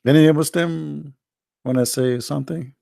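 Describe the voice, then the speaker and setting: A man's voice: a little high, steady tone, moderate pace, gravelly, warm tone, dry recording, studio quality. A man with joking and rambling in a teasing voice chat. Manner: teasing, rambling, non-native phrasing. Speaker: chat room speaker.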